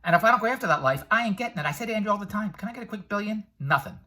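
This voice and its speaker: A man's voice: high voice, expressive, rapid-fire, sharp tone, faint music behind. An older man giving a brash, rambling motivational monologue full of tangents, laughing at his own jokes. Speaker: vlogger and infomercial producer.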